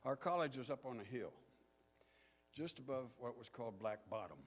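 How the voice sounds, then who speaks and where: A man from southern Indiana, a pastor telling stories in a sermon in a folksy, unhurried way. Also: medium pitch, animated. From southern Indiana, USA. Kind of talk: sermon storytelling. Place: church sanctuary. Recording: long hall reverb.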